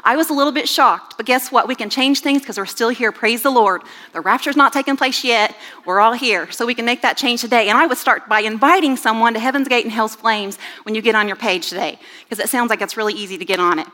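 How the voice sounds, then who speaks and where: A woman in her forties giving a sermon with personal stories, chatty and animated, with rising exclamations. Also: fairly high pitch, a little fast, hardly any pauses. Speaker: church speaker. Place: church sanctuary. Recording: reverberant church hall.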